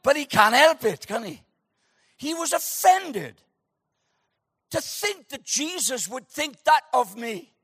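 High-voiced, animated preacher. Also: male voice, slow pace, pauses often, no room sound, studio quality. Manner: animated, joking, shouts for emphasis. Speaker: pastor. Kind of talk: sermon.

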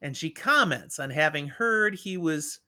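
Middle-aged male host: lively recapper, bright, very expressive pitch. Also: unhurried. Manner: animated retelling, acting out the characters. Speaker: podcast host. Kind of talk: casual book discussion.

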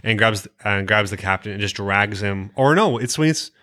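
A man co-hosts a casual podcast in a bright, somewhat low voice. He rambles and keeps stopping to correct himself. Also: animated, moderate pace. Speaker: podcast co-host. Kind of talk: casual chat.

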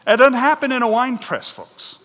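Animated preacher in a reverberant hall. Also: male voice, very high voice, normal speed. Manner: animated preaching, acts out biblical voices, swings loud and soft. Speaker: pastor. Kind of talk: sermon.

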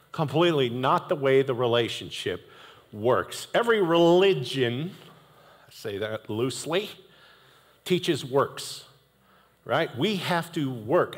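Lively, animated male preacher in a hall. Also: medium pitch. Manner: animated and conversational, with jokey asides. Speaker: pastor. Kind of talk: sermon. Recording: echoey hall reverb.

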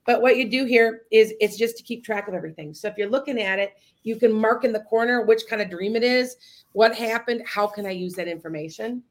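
A woman's voice: a little high, a little fast. A woman hosting a podcast as a psychic medium, telling stories to her listeners in a casual, rambling way with many restarts and asides. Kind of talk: casual storytelling monologue.

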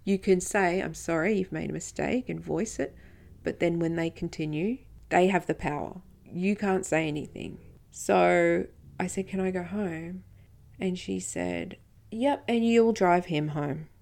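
A woman with a low, gravelly voice tells a personal story on her podcast. She acts out each exchange and slips into a hushed whisper at tense moments. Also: a little slow. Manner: recounting events, quoting others in dialogue, occasional whispering. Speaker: podcast host.

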